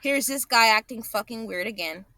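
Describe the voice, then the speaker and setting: A woman's voice: on the high side, normal speed, pushed and bright, a little hiss or hum. A woman vlogger angrily commenting over her own clips, profane and repeating herself for emphasis. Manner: indignant, profane, repeats phrases.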